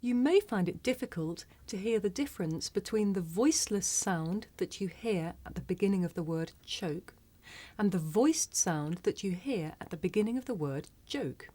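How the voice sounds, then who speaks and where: A woman with a British accent teaching English pronunciation, speaking clearly and deliberately, carefully over-articulating each sound. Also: medium pitch, animated, mellow. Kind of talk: slow scripted pronunciation lesson.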